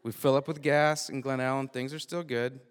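A man telling a personal road-trip story live, animated and often repeating or restarting his words. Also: medium pitch, fairly quick, clear, resonant tone. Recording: long hall reverb.

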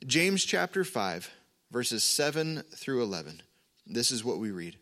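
A man preaching a sermon as pastor, earnest and measured, with an occasional filler. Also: medium pitch, big pitch swings, bright, forceful tone.

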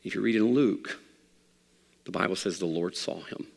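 A middle-aged man preaching a sermon as pastor, animated and rising to near shouts. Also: deep voice, normal speed, gravelly, slightly rough, in a large hall. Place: church sanctuary.

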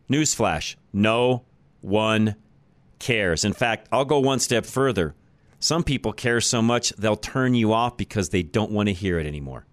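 A man's voice: medium pitch, no room sound. A man hosting a talk radio show, delivering a blunt, opinionated monologue and repeating his points for emphasis. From United States. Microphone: studio microphone.

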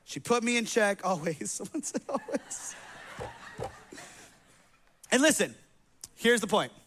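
A man with a high voice preaches from a church stage, speaking into a microphone. He tells a humorous personal story in a loose, slangy, conversational way, joking with his congregation before turning to his point. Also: very animated, unhurried, fairly bright tone, slight background noise. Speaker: pastor. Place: church sanctuary.

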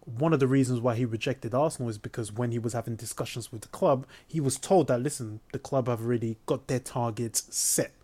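A man's voice: mid-range voice, brisk, few pauses, dark tone. A man, co-hosting a casual football chat, blunt and opinionated with some swearing. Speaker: podcast co-host.

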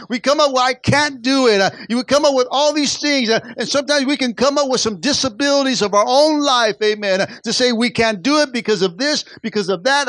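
A man preaching a sermon in church, call-and-response style, who repeats stock rallying phrases and builds to shouting. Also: very high voice, no echo. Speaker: pastor.

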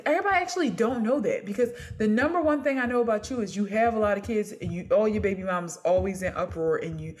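A woman's voice: medium pitch, lively intonation, quick pace, few pauses. A young adult woman co-hosting a casual gossip podcast, talking in a blunt, opinionated and slangy way. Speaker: podcast co-host.

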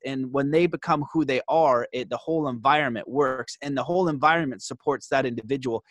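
A man talking as a podcast guest in casual conversation, getting worked up and animated as he makes his points. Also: medium pitch, no echo. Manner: animated, worked-up when ranting.

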